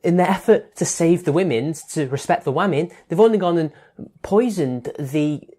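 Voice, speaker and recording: A man's voice: fairly high pitch, lively intonation, moderate pace, dark tone. A man from Northern Ireland ranting sarcastically in an opinion commentary vlog. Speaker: online commentator.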